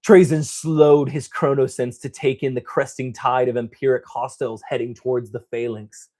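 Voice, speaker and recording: A man's voice: medium pitch, level tone, normal speed, dark tone. A man hosting a gaming channel, casually reading a novel aloud, stumbling over words and breaking off with joking asides.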